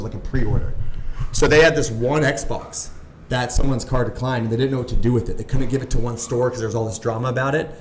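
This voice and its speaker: A man in his thirties telling a story on a podcast as a guest, animated and full of "like", acting out the voices of people he quotes. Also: medium pitch, roomy sound, a little hiss or hum. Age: 30s. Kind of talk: casual storytelling chat.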